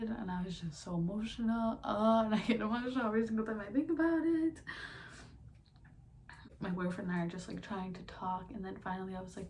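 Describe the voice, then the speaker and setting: Young female vlogger, gravelly fry, emotional storytime, recorded from a distance with faint room noise. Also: medium pitch, brisk, a little mellow. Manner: rambling, filler-heavy, tearful at times. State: emotional, near tears.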